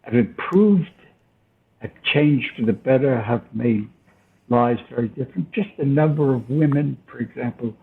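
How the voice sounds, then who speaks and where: A man's voice: medium pitch, moderate pace, creaky. An older man, a guest recalling his past, speaking thoughtfully with hesitant restarts. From United States. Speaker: interview guest. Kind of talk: reflective storytelling. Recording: tinny phone-line sound.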